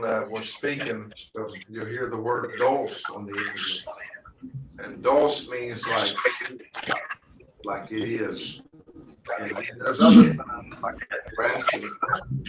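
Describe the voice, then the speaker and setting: A man teaching a language class, patiently repeating words and asking students to say them back. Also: medium pitch. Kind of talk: online language class instruction. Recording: echoey, distant mic with noise.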